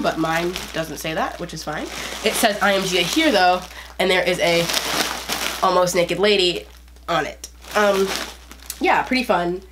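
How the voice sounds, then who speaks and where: A teenage girl talks through an unboxing in a loose, rambling way, full of fillers. Her voice sits a little low for a girl. A faint hiss runs under the home recording. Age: teens. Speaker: vlogger. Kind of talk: casual unboxing chat.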